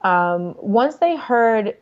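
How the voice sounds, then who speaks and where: A woman in her forties telling her story as an interview guest, candid and quick, with lots of fillers. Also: medium pitch, lively intonation. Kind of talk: conversational interview. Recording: dull lo-fi audio.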